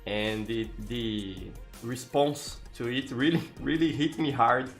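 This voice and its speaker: A man with a mid-range voice talks slowly while soft music plays behind him. Tired but relaxed, he's a Brazilian live streamer with a Brazilian Portuguese accent who chats casually, often restarts, and greets his viewers by name.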